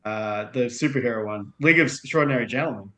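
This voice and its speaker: A man's voice: medium pitch, fast, a bit bright. A man talking casually about films on a podcast, thinking aloud and rephrasing mid-sentence. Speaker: podcast co-host or guest. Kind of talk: casual film discussion.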